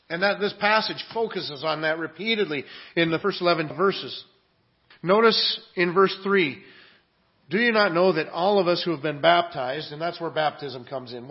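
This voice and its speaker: Male pastor for a sermon recording: earnest, emphatic, slightly higher voice, dull lo-fi sound. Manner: earnest preaching, swings from quiet asides to loud emphatic scripture reading.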